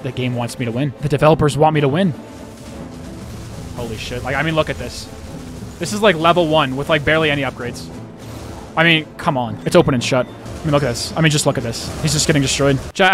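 A young man streaming a game live, talking excitedly to chat and swearing often. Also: on the high side, a little fast, music in the background. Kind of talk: live gameplay commentary.

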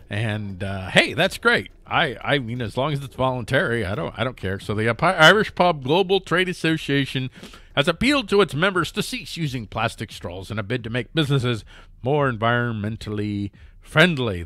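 A man's voice: mid-range voice, pushed and bright, no echo. A man hosting a news commentary show, rambling and jokey with many restarts. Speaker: host.

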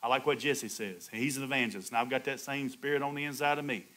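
A male pastor preaching a sermon, swinging from loud, high exclamations to soft, low asides and chuckling between points. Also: fairly quick, few pauses. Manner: call-and-response preaching, laughs between points.

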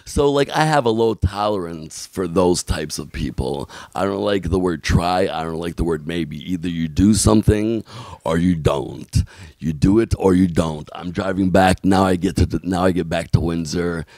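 Deep, gravelly man telling a story. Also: normal speed, dry recording. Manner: animated, acts out other people's lines; blunt, swears casually. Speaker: podcast guest. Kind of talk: storytelling in a podcast interview.

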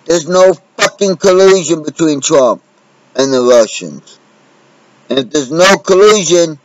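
A man's voice: a little high, no room sound, poor audio. A man from the United States delivering an unscripted, combative monologue full of profanity. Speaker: vlogger.

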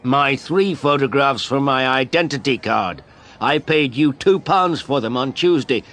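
A man's voice: mid-range voice, a little slow, fairly bright tone, voice pushed up. A man voicing an angry, insistent farmer of seventy-two. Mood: demanding. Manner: insistent, demanding. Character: stubborn old farmer, 72, angry.

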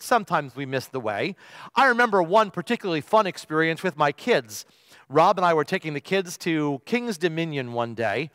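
A man's voice: on the high side, fairly bright tone, no echo, studio quality, in a large hall. A male pastor preaching a sermon, telling stories with emphasis and stretching out the key phrases.

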